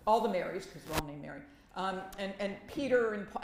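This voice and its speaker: Wry, animated woman telling stories on a panel. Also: medium pitch, fairly quick, hardly any pauses, roomy sound, slight background noise, poor audio. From Massachusetts. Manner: animated, wry storytelling with emphatic repetition. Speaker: professor and panelist. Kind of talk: conversational academic talk.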